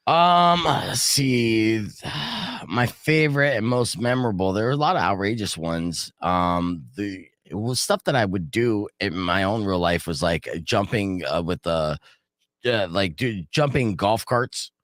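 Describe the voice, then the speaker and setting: In a dry, studio-quality recording, this man's lowish voice moves a little slowly. He's a morning radio host in a studio, speaking into a studio mic as he spins a long, casual story, swearing freely and doing animated voices for each person in it.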